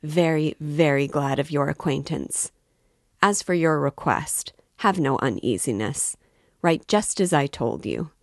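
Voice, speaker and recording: A woman's voice: sits low, lively intonation, unhurried, darkish tone, no room sound, clean studio sound. A woman reading an audiobook voices an affable, prying older male magistrate who talks with excessive politeness. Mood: amiable probing. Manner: overly polite, familiar, insinuating.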